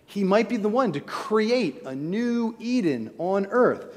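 A man delivering a sermon, building to emphatic high points and then dropping quiet and low. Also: lively intonation, slow. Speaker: preacher. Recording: long reverb of a large hall.

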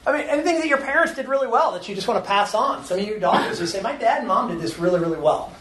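A man's voice: sits high, animated, quick pace, a bit bright. A man in his forties leading an informal church talk on raising daughters, earnest and self-deprecating. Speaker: church teacher leading a parenting discussion. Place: church meeting room. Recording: echoey room, faint background noise.

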